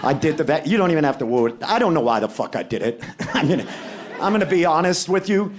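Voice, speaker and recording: A man's voice: a little high, big pitch swings, quick pace. A man from Maine doing a brash, profane, self-mocking stand-up set on a club stage. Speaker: stand-up comedian. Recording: live club mic with crowd and noise. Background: audience laughing.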